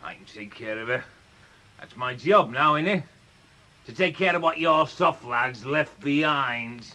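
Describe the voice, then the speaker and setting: An actor playing a belligerent, drunken older father from Liverpool who shouts, bullies and breaks into coughing fits, in a radio drama. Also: medium pitch, measured pace.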